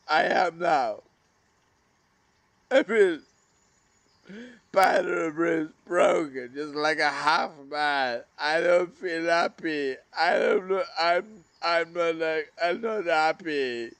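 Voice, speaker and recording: A man pours out his grief to the camera in a slow, unhurried ramble full of curses. He lurches from raised, cracking outbursts to hushed murmurs. The sound is dry and close, with crickets and insects around him outdoors. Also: a little high, vocal fry, no room sound. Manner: grieving, rambling, swearing, swings from loud outbursts to near whispers. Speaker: vlogger. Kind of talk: emotional personal monologue.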